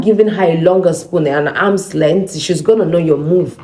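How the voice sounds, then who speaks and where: A woman with a Nigerian accent telling a personal story to camera in a casual, animated way, acting out the dialogue. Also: lowish voice, moderate pace, few pauses. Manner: animated, acts out quoted dialogue. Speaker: vlogger.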